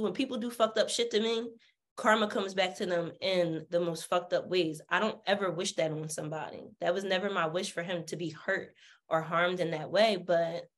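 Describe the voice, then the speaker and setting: A woman's voice: lowish voice, moderate pace. Woman guest on a podcast, sassy and candid, swears a lot, acts out everyone in her story. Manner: sassy, animated, swears freely, acts out the people she quotes.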